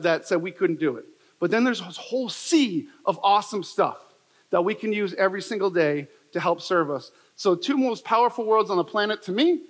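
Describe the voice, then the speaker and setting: A man giving a motivational keynote talk, telling personal stories with emphatic, repetitive phrasing. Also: sits high. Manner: emphatic, repetitive, storytelling delivery. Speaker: motivational speaker. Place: large event hall. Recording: long reverb of a large hall.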